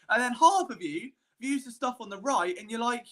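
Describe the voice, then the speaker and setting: A man hosting a live-streamed sports podcast, talking in a rambling, animated, self-deprecating way as he works through his analysis. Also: very high voice, brisk, few pauses.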